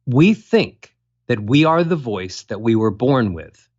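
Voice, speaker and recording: Lively voice coach man, dull sound. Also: mid-range voice, a little slow. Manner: demonstrates voices and melodies while explaining. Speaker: voice coach guest. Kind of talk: animated interview talk.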